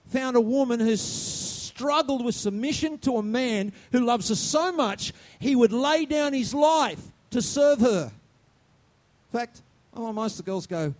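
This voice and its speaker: A male senior pastor giving a sermon, animated, swinging from loud outbursts to quiet asides and asking the congregation questions. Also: extremely high pitch, a little slow.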